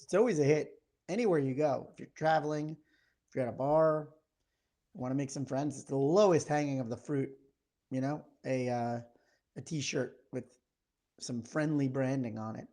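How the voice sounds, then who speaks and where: A man in his thirties co-hosting a podcast in casual chat, telling a story in a lively way and acting out the lines of the people in it. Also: a little high. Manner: animated storyteller acting out quoted exchanges. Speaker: podcast co-host.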